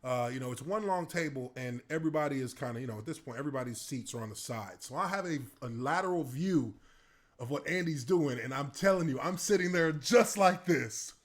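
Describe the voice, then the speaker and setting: A man's voice: medium pitch, fast talker. A man in his thirties, a former pro football player, telling stories casually and animatedly, laughing and acting out scenes. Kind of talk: casual storytelling.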